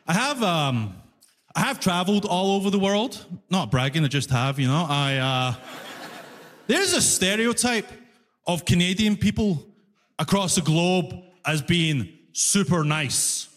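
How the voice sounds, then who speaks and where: A man doing stand-up comedy on a music hall stage, telling stories with animated exasperation, often breaking into shouts. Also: sits high, unhurried. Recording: long reverb of a concert hall.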